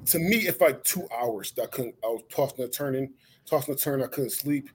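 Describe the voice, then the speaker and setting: A man's voice: mid-range voice, brisk, husky. A man casually telling a funny personal story on a podcast, laughing along. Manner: laid-back, laughs while telling stories. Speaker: podcast guest.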